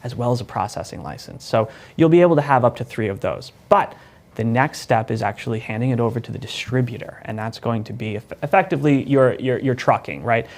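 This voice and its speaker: Methodical man explaining licensing rules. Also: mid-range voice. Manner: measured, methodical, frequent "you know" and "right?". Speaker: cannabis licensing lawyer, guest. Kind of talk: explanatory interview answers.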